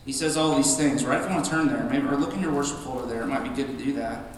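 A man's voice: medium pitch, rapid-fire, a little hiss or hum. A male pastor preaching a sermon in a church, emphatic and conversational, often restarting his sentences. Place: church sanctuary. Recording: echoey hall from a distant mic.

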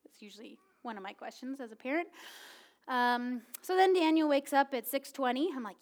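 A woman in her thirties preaching a sermon, telling a personal story in a casual, animated way with many filler words. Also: a little high, brisk. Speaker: pastor.

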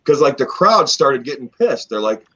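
A man and former wrestler, co-hosting a podcast, telling long stories in a rambling, animated way with lots of fillers. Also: medium pitch, normal speed, husky. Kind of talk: casual storytelling chat. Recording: dull lo-fi podcast audio.

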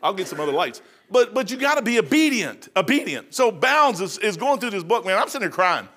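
A man in his sixties preaching a sermon, telling folksy stories and swinging between loud punchy lines and soft asides. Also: high-pitched, very animated, a little fast. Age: 60s.

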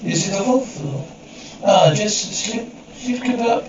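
Chatty, flirtatious Parisian estate agent, heard through a dull, noisy track. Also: male voice, high voice, unhurried. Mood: explaining. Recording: echoey, distant, dull audio with background noise.

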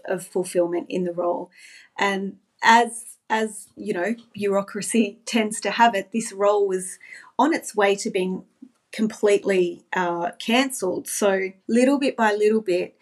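A middle-aged woman, a former nurse, talking as a podcast guest in an earnest, reflective way. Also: medium pitch. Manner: earnest, reflective, with frequent restarts. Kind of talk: reflective interview talk.

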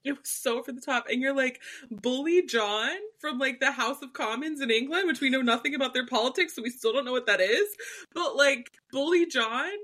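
A young woman co-hosting a casual podcast, telling stories in an animated, chatty way. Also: high voice, fairly quick, low-quality recording. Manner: chatty, animated storytelling with frequent laughs. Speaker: podcast co-host. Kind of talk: casual chat.

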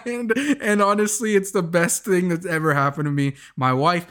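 A man recapping a TV show in loose, rambling chat, quick to laugh at his own jokes. His voice sits a little on the high side. He trips over his words and restarts sentences as he goes. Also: a bit bright, smooth. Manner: restarts and corrects himself often.

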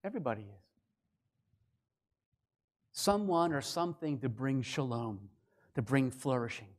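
A man preaching a sermon, swinging between loud declarations and hushed, quiet lines. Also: mid-range voice, lively intonation, unhurried. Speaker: pastor.

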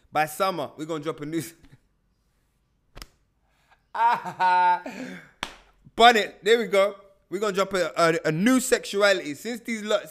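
Slangy emphatic man, high voice. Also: fairly bright tone. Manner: slangy, emphatic, repeats phrases. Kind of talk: casual motivational monologue.

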